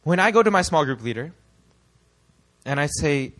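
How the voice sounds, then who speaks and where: Young male preacher, from the US, bright ringing tone, animated sermon delivery. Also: on the high side, moderate pace. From United States. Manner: animated, rhetorical questions to the congregation.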